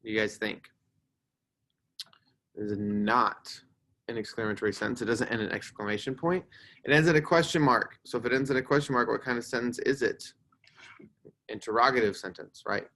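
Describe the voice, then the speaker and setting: A man's voice: medium pitch, fairly quick, pauses often. Man teaching fourth graders a grammar lesson. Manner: acts out example sentences with loud excited emphasis. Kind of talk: recorded online grammar lesson.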